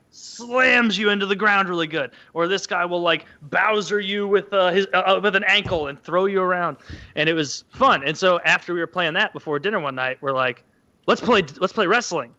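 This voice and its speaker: A man casually telling a childhood story on a podcast, animated and acting out the quotes in a high voice. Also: moderate pace, muffled recording. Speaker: podcast co-host.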